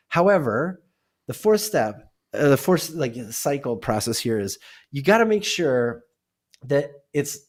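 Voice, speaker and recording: Animated male keynote speaker. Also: a little high. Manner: animated, acts out dialogues. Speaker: guest, keynote speaker and author. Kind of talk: conversational interview.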